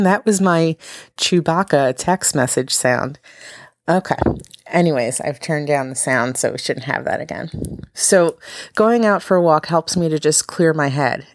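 A woman's voice: sits low, dry recording, studio quality. A woman giving casual motivational advice in an earnest, encouraging, conversational way. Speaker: wellness speaker.

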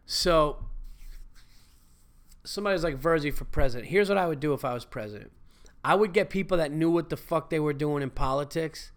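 A man's voice: fairly high pitch, a bit bright. A man hosting his own podcast, talking alone in a loose, profane, rambling and jokey way. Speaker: podcast host. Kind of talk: casual solo podcast monologue.

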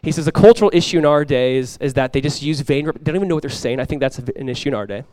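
A man's voice: fairly high pitch, very fast, a little mellow, no echo. A young adult male pastor giving a conversational sermon, joking and acting out little quotes.

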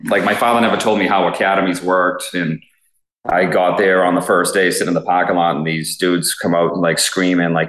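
A man's voice: low voice, steady tone, normal speed, fairly bright tone, echoey room, poor audio. A man, a police officer in his thirties, telling stories in a casual interview, rambling with lots of fillers and swearing. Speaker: police officer, SWAT guest.

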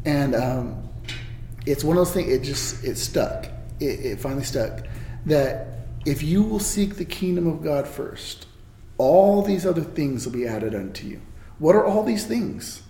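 Gravelly earnest man, preachy. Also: on the high side, animated, warm tone. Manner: earnest, quotes scripture, asks rapid rhetorical questions. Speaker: church member guest. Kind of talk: casual interview with preaching. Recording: echoey room, faint noise.

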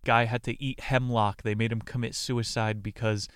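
A man's voice: mid-range voice, flat delivery, moderate pace, clean tone, no echo, studio quality, lightly acted. A man voicing a cocky young male murderer who defends his crime in a smug, defiant way.

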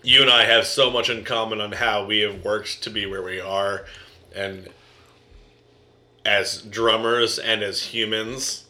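A man's voice: fairly low pitch, steady tone, unhurried, bright, forceful tone. A man who is a drummer, chatting as a guest on a podcast, joking around and bursting into laughter. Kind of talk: casual podcast chat.

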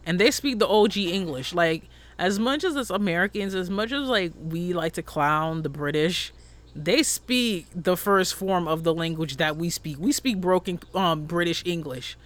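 A man chatting casually as a podcast co-host, animated and emphatic, with a slangy, ranting manner. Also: high voice, normal speed. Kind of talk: casual chat.

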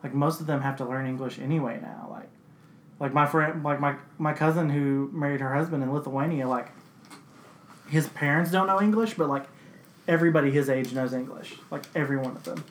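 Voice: medium pitch, brisk. Friend rambling in a casual chat, lots of likes, little bit of hiss behind. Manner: chatty, lots of filler words, mocking quotes.

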